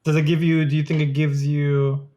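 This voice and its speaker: A man co-hosting a podcast, chatting in a relaxed way and laughing often. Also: on the high side, moderate pace. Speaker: podcast co-host. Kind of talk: casual chat.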